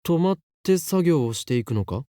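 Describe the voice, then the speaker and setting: An actor playing a brusque, eccentric young male scientist in an anime game, curt and rapid. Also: fairly high pitch, animated, warm tone, no echo, clean studio sound, natural voice.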